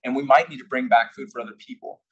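A man's voice: mid-range voice, fast talker, a bit bright, slightly rough, lo-fi sound. A young man giving an invited talk to a live audience, telling a candid personal story and now and then acting out what people said. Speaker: invited speaker. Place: corporate headquarters presentation room.

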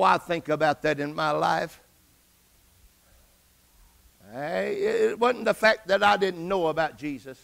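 Gravelly, bright-voiced preacher man. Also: high voice. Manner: personal testimony, rising to excited outbursts. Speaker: pastor. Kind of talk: sermon.

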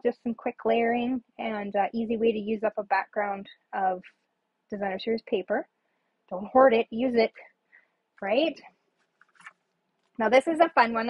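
A woman with a fairly high, husky voice casually shows off her handmade paper cards on a live stream, chatting and rambling with lots of ums and laughing at herself. The recording is dry, with the high frequencies cut off.

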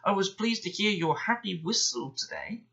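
A man's voice: high voice, expressive, moderate pace, vocal fry, bright, forceful tone, pitched above the performer's own voice, exaggerated voice. A man voicing a kind, good-natured male engine with a friendly manner. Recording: dull lo-fi sound.

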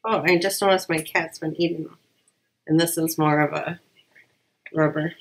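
A woman's voice: low-pitched, fairly even intonation, normal speed, rough recording. A woman chatting casually through an unboxing while she has a cold, rambling with lots of fillers. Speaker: vlogger.

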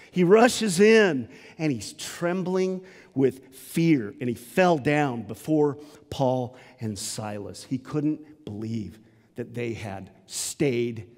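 A male pastor giving a sermon and telling its story in a lively, dramatic way. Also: mid-range voice, big-room sound.

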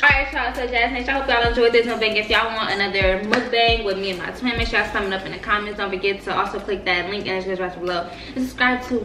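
A woman hosting her vlog who teases her twin during a mukbang chat and wraps up with a relaxed outro to her viewers. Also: mid-range voice, quick pace, few pauses, recorded from a distance, background noise. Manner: teasing, relaxed, hypes the audience. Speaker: vlog host. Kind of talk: casual chat and channel outro. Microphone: vlog camera. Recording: echoey room, away from the mic.

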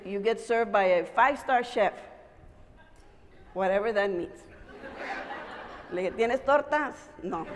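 A Mexican American woman giving a conference speech, telling stories with animated energy and switching between English and Spanish. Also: on the high side. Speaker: keynote speaker. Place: conference hall. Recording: echoey hall, crowd noise.

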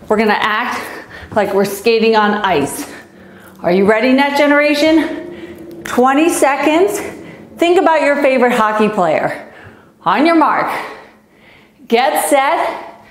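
Upbeat woman coaching a kids' warm-up. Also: on the high side, reverberant. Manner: upbeat, encouraging, counts down and cheers. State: out of breath. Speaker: youth tennis coach. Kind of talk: energetic live-stream fitness coaching.

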